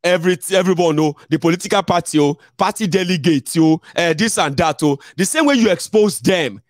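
Blunt Nigerian man, slightly high voice. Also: fairly quick, no room sound, clean studio sound. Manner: blunt, mocking, mimics others in a raised voice. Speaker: political commentator. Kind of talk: casual monologue to viewers.

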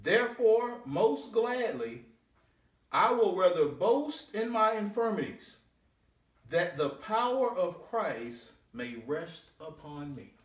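Man, deacon preaching, lively rising and falling pitch, roomy church sound from a distance. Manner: preaching with swooping pitch and drawn-out scripture reading. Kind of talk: sermon. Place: church sanctuary. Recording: echoey church room, mic at a distance.

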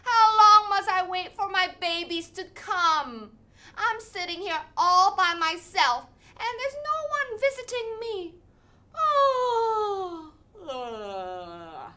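A woman's voice: very high-pitched, unhurried, bright, forceful tone, voice pushed up, exaggerated voice. A woman voicing a weary, lonely mother duck in a children's story, sighing and plaintive. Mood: weary lament.

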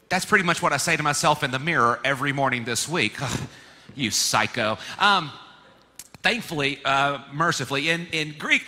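Man, pastor, sermon, bright forceful voice, playful teaching, long church reverb. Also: fairly high pitch. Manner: lively, playful teaching, leads congregation in repeating words. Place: church sanctuary.

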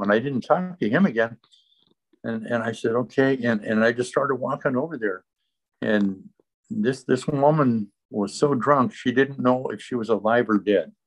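A man's voice: mid-range voice, low-quality recording. A man sharing his recovery testimony as an interview guest, telling the story earnestly and in close detail.

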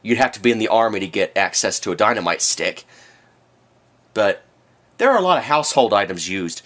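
Man, vlogger, sarcastic rambling rant, lowish voice, animated pitch. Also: brisk, long pauses. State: has the hiccups. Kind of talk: ranting monologue.

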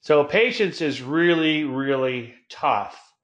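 A man hosting a trading talk show, speaking in a folksy, emphatic way, drawing out key words slowly and chuckling at his own jokes. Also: fairly high pitch, animated, fairly bright tone, highs cut off. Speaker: trading educator and show host. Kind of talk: solo market talk show.

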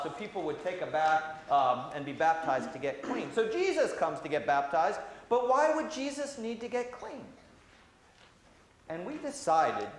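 Priest, man, high voice, talking to kids in a very echoey church with faint hiss. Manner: gentle, conversational, frequent "uh" fillers. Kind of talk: children's sermon. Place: large church sanctuary.

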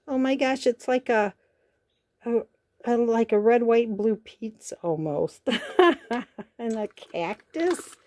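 A woman's voice: on the high side, lively intonation, slow, pauses often, darkish tone, no room sound. A woman vlogger chatting casually to her viewers as she unboxes a parcel, gasping and gushing with delight and calling things cute. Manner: gushing, gasps often with delight. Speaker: crafting vlogger.

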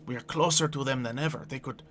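A man's voice: medium pitch, a bit bright, a little hiss or hum. A man playing his character in a Minecraft roleplay, speaking formally and measuredly. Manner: formal, measured, often addresses the other by name. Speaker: roleplay player.

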